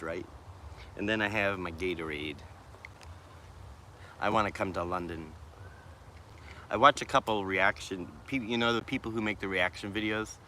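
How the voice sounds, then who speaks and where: There's a little hiss or hum beneath this low-pitched, sharp male voice. The vlogger, faintly accented from Boston, livestreams casually from a shaded wooded park in the city, reflecting on viewer comments without hurry and restarting thoughts that trail away.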